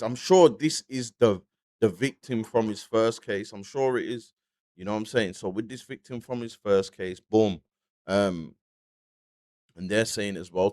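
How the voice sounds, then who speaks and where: A man talks through his commentary in loose street slang, circling back and checking in with "you get me" every few lines. His voice sits fairly low, and the recording is close and dry with no room sound. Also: measured pace, darkish tone, no echo. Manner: slangy, keeps asking "you get me", frequent restarts. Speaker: online commentator. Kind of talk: casual commentary vlog.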